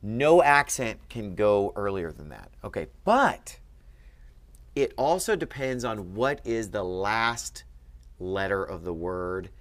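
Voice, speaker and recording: Patient low-voiced male teacher. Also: sing-song, slow pace. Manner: patient, checks in with frequent "okay?". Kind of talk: explaining grammar at a board.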